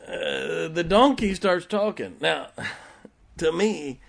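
A man's voice: on the high side, expressive, slow, gravelly. A man preaching a sermon, retelling a Bible story in a folksy way and chuckling often as he goes.

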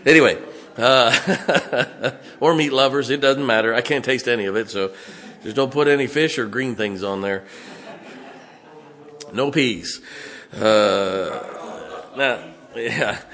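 A middle-aged pastor with a West Virginian accent delivers a sermon in a relaxed, folksy manner. His pitch sits in an ordinary middle range for a man, and he talks to the congregation as if telling stories to friends. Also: slow. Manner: folksy, conversational preaching with asides and chuckles.

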